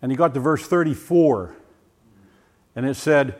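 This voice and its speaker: An older man giving a personal testimony, animated and full of restarts, acting out voices as he tells the story. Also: medium pitch, measured pace, pauses often. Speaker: former science teacher giving a testimony. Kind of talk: personal testimony talk to a group.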